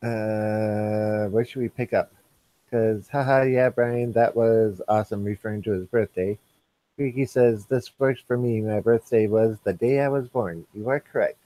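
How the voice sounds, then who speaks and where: A man's voice: fairly low pitch, steady tone, a little slow, warm tone, dry recording. Man reading chat aloud on a live stream. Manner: reads chat messages aloud and answers them.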